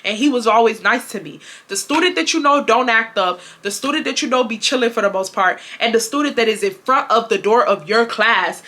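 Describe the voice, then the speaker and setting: A young woman telling a personal story to her viewers in a casual, animated, slangy and profane way. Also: fairly high pitch. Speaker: storytime YouTuber.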